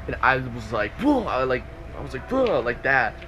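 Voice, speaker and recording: A young man talks straight into a handheld camera while traveling, swearing freely and rambling from one excited rant to the next. His voice sits at an ordinary middle pitch. Clear background noise runs under the noisy outdoor audio. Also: normal speed. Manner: profane, rambling, excitable ranting. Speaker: travel vlogger. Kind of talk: casual vlog talk to camera.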